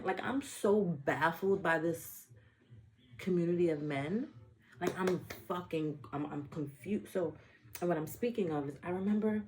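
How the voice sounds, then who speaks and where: Brief: woman from the Bronx, lower voice, blunt and profane, rambling casual monologue. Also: a little mellow. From the Bronx, New York. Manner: blunt, profane, with playful asides and self-interruptions. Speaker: vlogger.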